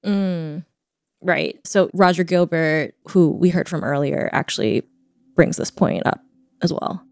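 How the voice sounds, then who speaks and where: A woman hosting a podcast, narrating a radio story in a measured, scripted way. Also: on the low side, creaky, a little mellow, no room sound, clean studio sound. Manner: scripted storytelling with slow pauses. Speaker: podcast host.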